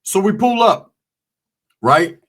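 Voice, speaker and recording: A man's voice: sits high, lively intonation, slow pace, fairly bright tone, breathy edge. A man casually telling a long, profane story, acting out the voices of the people in it. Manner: profane, rambling, acts out voices.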